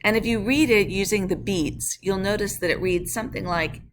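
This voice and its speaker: A woman teacher narrating a recorded lesson, explaining patiently and slowing down to read verse lines in a measured beat. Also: mid-range voice. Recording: noisy background hiss.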